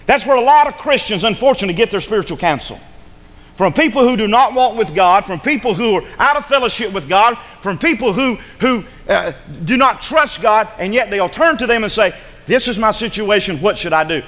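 A man's voice: high voice, animated, a little fast, a bit bright, in a large hall. A male pastor preaching a sermon in a church, urgent and rhetorical, pressing his listeners with repeated questions. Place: church sanctuary.

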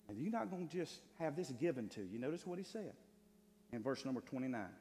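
A male pastor preaching a sermon with fervor, swinging between loud, stretched lines and hushed asides. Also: mid-range voice, very animated, brisk. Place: church sanctuary. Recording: long hall reverb, faint hum.

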